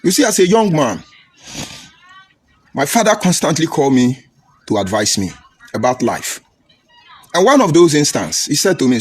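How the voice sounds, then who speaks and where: Husky, animated Nigerian man. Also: normal speed, pauses often. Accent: Nigerian English. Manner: emphatic, swoops high and low, lecturing. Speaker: political commentator. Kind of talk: preachy opinion broadcast. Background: faint music.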